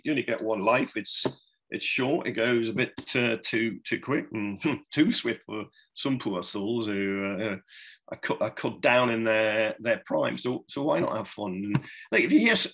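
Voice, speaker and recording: A man's voice: medium pitch, fairly bright tone, slightly rough, rough recording. A middle-aged man, a journalist, telling anecdotes in an interview in a rambling, chuckling way. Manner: rambling, many restarts and "you know"s, chuckles. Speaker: political journalist, podcast guest.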